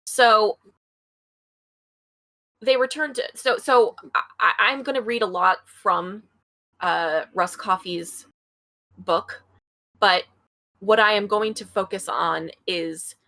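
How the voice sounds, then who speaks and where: A woman's voice: mid-range voice, takes it slowly, pauses often, sharp tone, no room sound, poor audio. A woman co-hosting a podcast, retelling a true-crime case in a chatty way, reading passages aloud and adding her own asides. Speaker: podcast co-host. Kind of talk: casual true-crime storytelling.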